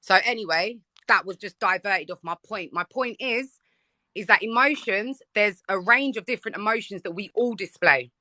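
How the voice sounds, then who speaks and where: Insistent bright woman arguing. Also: medium pitch, normal speed, dry recording. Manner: insistent, interrupts and talks over the other speaker. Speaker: guest debating on a live stream. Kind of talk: heated argumentative debate.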